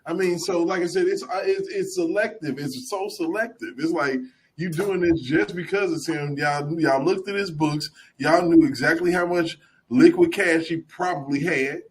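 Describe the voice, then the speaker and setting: A man in casual podcast chat, animated, laughing often and swearing freely. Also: fairly high pitch, moderate pace.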